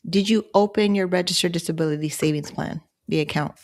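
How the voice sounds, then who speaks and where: A woman hosts a casual livestream, slightly out of breath. Her voice has a strong gravelly fry. She chats loosely and asks pointed, direct questions. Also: lowish voice, a little fast, a little mellow. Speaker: livestream host.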